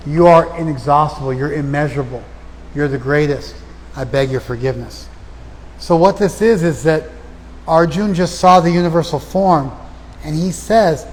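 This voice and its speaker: A man giving a spiritual lecture. He recites verses slowly and then explains them in plain, conversational talk. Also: fairly high pitch, in a large hall, a little hiss or hum, low-quality recording. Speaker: lecturer on scripture. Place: outdoor festival.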